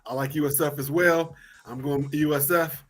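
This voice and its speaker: A man's voice: fairly high pitch, steady tone, moderate pace, soft background music. A man co-hosting a casual sports talk show, loose and repetitive, laughing easily as he talks picks.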